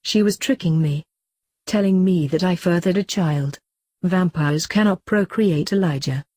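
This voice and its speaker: A woman's voice: lowish voice, unhurried, warm tone, no echo. A woman reading as a cold, harsh ancient vampire man. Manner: cold and dismissive.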